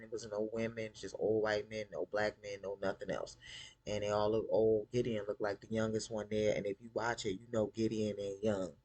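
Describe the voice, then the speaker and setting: A man casually recapping a TV episode, chatty and animated, acting out the characters' lines in a style. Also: on the low side. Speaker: TV show recap host.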